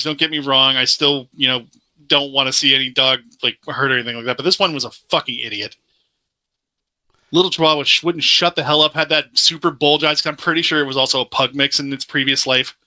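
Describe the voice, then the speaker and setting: A man on a podcast speaks with a very bright, sharp tone, chatting bluntly and easily slipping into swearing. He laughs easily and keeps a relaxed, offhand delivery. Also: mid-range voice, fairly quick. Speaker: podcast co-host. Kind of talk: casual chat.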